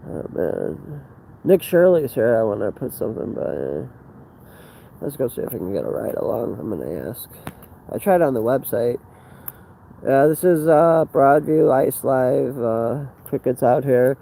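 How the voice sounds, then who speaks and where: A man's voice: medium pitch, very animated, unhurried, gravelly, dark tone, slight background noise, rough recording. A man livestreaming outdoors on a handheld phone, rambling in an agitated, profane way with stumbling restarts. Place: outdoors by a fenced facility.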